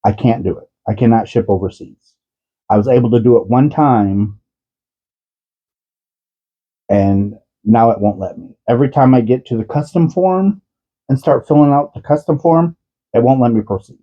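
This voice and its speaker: A man's voice: mid-range voice, moderate pace, muffled recording. A man talking casually about yarn and shipping on his vlog, giggly and often breaking into laughter. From United States. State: laughing to tears. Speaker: yarn vlogger. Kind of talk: casual chat.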